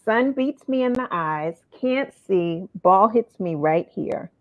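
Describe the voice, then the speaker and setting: A woman's voice: mid-range voice, slow. Philly woman host telling a story, acts out every voice, sounds like a phone line. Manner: animated, acts out quoted voices. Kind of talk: storytelling in a casual interview.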